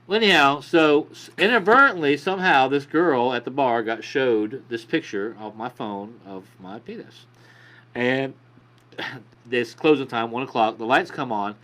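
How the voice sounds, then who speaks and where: A man's voice: mid-range voice, unhurried, sharp tone. Profane storyteller man. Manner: profane, rambling anecdote with acted quotes. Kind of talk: casual storytelling.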